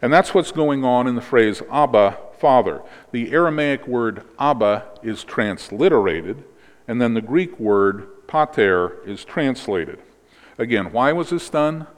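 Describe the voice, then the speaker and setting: A man preaching, calmly explaining scripture and closing in prayer. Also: mid-range voice, measured pace, long reverb tail. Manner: explanatory teaching, ends in prayer. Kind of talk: sermon.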